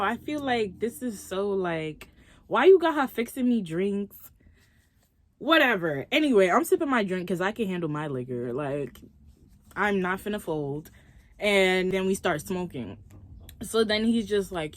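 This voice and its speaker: A young woman casually telling a story in an animated, slangy way. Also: mid-range voice, a little slow.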